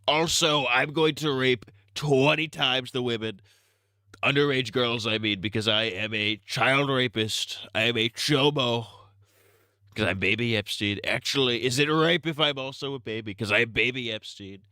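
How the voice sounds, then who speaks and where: A man voicing a crude, babbling male talking baby in a silly, drawn-out singsong. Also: mid-range voice, bright, forceful tone, smooth, dry recording, studio quality, lightly acted. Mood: mocking.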